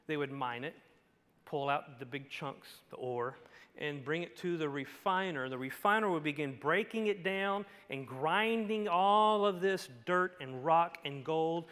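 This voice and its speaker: A man with a high voice preaches a sermon and tells the story with drama, dropping to a hush and then rising to a shout. His voice rings out in a church sanctuary with a long reverb tail. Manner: dynamic storytelling, swinging from hushed to shouting. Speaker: pastor. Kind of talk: expository sermon.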